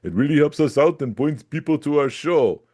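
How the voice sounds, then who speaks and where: Man doing a vampire-accented Count, slow and theatrical. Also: mid-range voice, wildly swooping pitch, voice pushed up. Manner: drawn-out counting with dramatic "ah, ah, ah".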